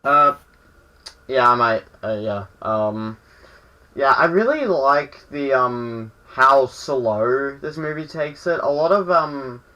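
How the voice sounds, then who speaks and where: A man's voice: medium pitch, animated, slow pace, bright, forceful tone, poor audio. An Australian man, a guest on a film podcast, rambling casually with lots of fillers. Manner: rambling, lots of "like" and "you know".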